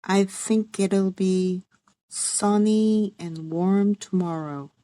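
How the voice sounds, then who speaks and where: A woman with a Korean accent practicing English sentences in halting, careful repetitions. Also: medium pitch, steady tone, dark tone, dry recording. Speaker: English teacher acting as a beginner learner. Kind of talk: pronunciation practice.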